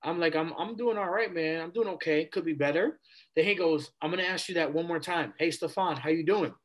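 A man in his twenties, a podcast guest, telling a story in a casual, animated way and replaying conversations with casual slang. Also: on the high side, fairly quick. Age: 20s.

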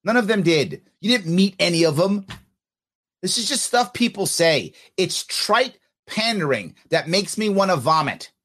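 A man's voice: high-pitched, animated, measured pace, fairly bright tone. A man with a New York accent, hosting a podcast and giving blunt, scornful live commentary over clips of a speech. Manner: blunt, scornful, heats up as he talks.

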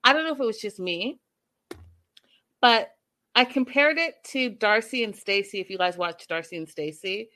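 A woman casually recapping a reality show episode, chatty and animated, with sarcastic asides. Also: medium pitch, moderate pace.

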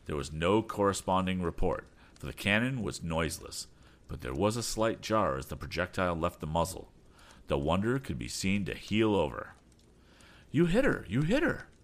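A man hosting a storytelling podcast, reading an adventure book aloud with expressive narration. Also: low voice, normal speed. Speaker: podcast host and audiobook reader. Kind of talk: audiobook narration.

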